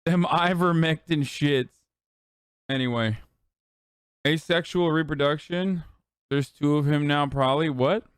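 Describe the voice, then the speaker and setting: A man's voice: fairly high pitch, clean tone, no echo, studio quality. A man streaming political commentary, swearing and sarcastic, ranting at speed. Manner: profane, sarcastic, fast rants.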